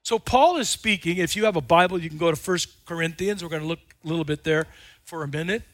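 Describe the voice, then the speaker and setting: High-voiced male pastor preaching. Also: quick pace, no echo, studio quality. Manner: dynamic, swings between loud and hushed, repetitive emphasis. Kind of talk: sermon.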